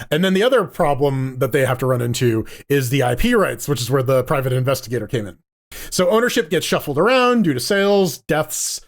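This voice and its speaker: A man co-hosting a casual gaming podcast, rambling along with frequent restarts and casual swearing. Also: mid-range voice. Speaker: podcast co-host. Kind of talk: casual gaming news chat.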